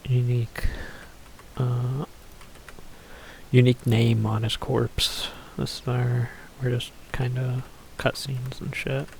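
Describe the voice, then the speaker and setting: A man's voice: mid-range voice, monotone, slow pace, vocal fry, darkish tone, slight background noise. A man giving casual, rambling commentary over a game he is playing, swearing offhandedly and using lots of fillers. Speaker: gameplay commentator.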